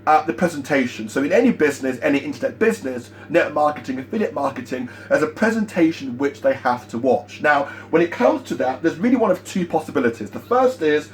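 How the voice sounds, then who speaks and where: A man giving a motivational sales training talk, emphatic and energetic, repeating his key points. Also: a little high, fast, few pauses.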